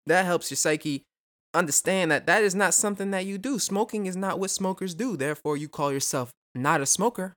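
A young man hosting a solo podcast, talking fast and casually with a lot of swearing, rambling off on tangents and throwing in self-mocking jokes. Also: sits high, a bit bright. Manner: rambling, profane, goes off on tangents; jokey, self-mocking asides. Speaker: podcast host.

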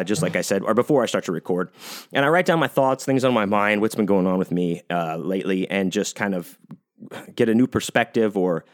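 Podcast guy rambling solo, kinda low voice, swears a lot, lots of uh and um. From United States. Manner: rambling, profane, many fillers and restarts. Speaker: podcast host. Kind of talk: casual solo podcast monologue.

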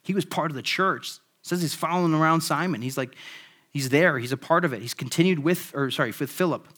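A man's voice: on the high side, brisk, a bit bright. A man preaching a sermon in a casual, conversational way, with frequent "like" and "right?" tag questions. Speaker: pastor.

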